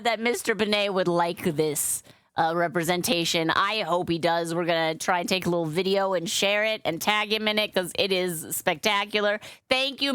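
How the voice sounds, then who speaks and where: A woman's voice: medium pitch, fairly bright tone, smooth, no echo. Chatty woman live-streamer, dry close sound. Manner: chatty, upbeat, with frequent fillers. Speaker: streamer and balloon artist. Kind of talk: casual live-stream chat.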